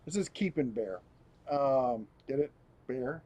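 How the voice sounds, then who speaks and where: A man's voice: mid-range voice, expressive, slow pace, darkish tone, muffled recording. A man hosting a casual live stream, rambling as he reads viewer comments aloud and chats. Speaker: host.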